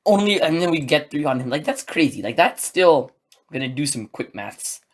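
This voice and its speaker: A man hosting a solo podcast, talking in an excitable, rambling way full of filler words. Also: fairly high pitch, normal speed. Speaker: podcast host. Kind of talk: solo podcast commentary, casual.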